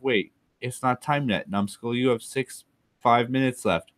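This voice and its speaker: A man's voice: medium pitch, measured pace, no echo. A man hosting a live stream alone, drunk and rambling in a jokey, self-mocking way.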